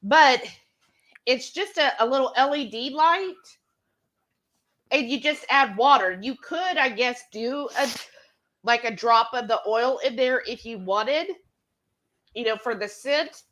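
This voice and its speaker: A woman's voice: fairly high pitch, measured pace, long pauses, fairly bright tone. A woman, co-hosting a casual cooking livestream and chatting while reading viewer comments aloud. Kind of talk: casual live-stream chat.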